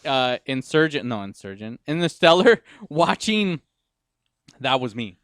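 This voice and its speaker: A young man hosting a radio talk show, chatting in an excitable way full of laughs and fillers. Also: medium pitch, measured pace, no echo, studio quality. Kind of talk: casual chat.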